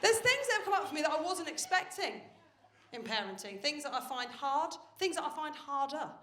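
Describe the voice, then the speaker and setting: A woman performing a stand-up comedy set on stage, telling stories in a brash, animated way with plenty of swearing. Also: sits high, fairly quick. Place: stage of a live comedy venue. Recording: roomy live venue with faint noise. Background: audience laughter.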